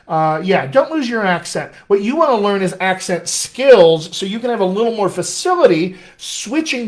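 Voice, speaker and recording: This man is a dialect coach fielding viewer questions during a casual live-stream chat. He comes across upbeat and chatty, and his voice runs a little high.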